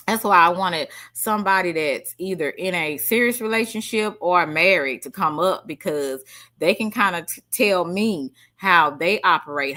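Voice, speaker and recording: A woman hosts a casual livestream, chatting loosely with viewers and reading their comments. She talks in a lively, slangy way and uses plenty of fillers. Her voice is bright and sits at a middle pitch. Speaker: livestream host.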